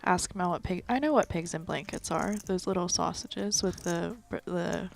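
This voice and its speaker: A woman's voice: on the low side, normal speed, vocal fry, faint music behind. A woman commentating a live poker stream in a chatty, casual way, laughing easily with her co-host.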